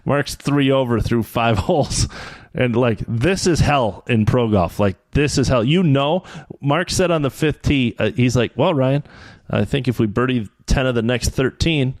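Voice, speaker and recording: Dry-sounding man telling animated stories. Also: mid-range voice, moderate pace, dry recording. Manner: animated storyteller, quoting others. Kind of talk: casual podcast chat.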